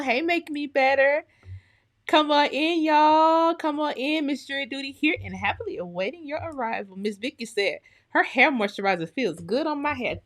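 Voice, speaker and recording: A woman hosting a live stream as a historian, greeting viewers by name in a lively, chatty way before turning to a serious talk. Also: on the high side. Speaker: livestream host and historian.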